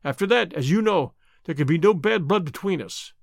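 A man's voice: high-pitched, lively intonation, a little fast, vocal fry, no echo, studio quality, full character voice. A man doing a domineering, blustering lodge boss. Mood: commanding. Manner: loud, commanding, switches to hearty bluster. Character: burly domineering male lodge boss, bluff and menacing.

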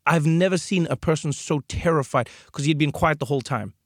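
A South African man hosts a podcast, telling a story in casual conversation and animatedly acting out the voices of the people involved. His voice is a little high and brisk, and the recording is dry with clean studio sound.

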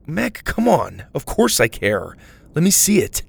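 A man's voice: fairly high pitch, huge pitch swings, unhurried, creaky, slightly rough, no room sound, pitched above the performer's own voice, full character voice. A man reading a story voices an earnest young male hero close to his own voice. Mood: pleading.

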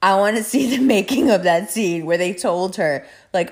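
Woman host, mid-pitched, loose, profane, laughs through her stories. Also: normal speed, few pauses. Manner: animated, profane, laughs often while telling stories. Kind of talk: casual chat.

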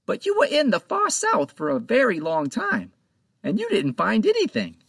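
A man voicing a nervous, cowardly young sailor with a high, panicky voice, in a storybook reading. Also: huge pitch swings, moderate pace, creaky, breathy edge, dry recording, clean studio sound, full character voice. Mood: arguing. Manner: shrill panicky.

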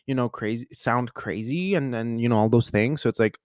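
A man's voice: mid-range voice, a little fast, darkish tone, dry recording. A man hosting a casual solo podcast, talking in an earnest, rambling way full of fillers and restarts. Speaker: podcast host.

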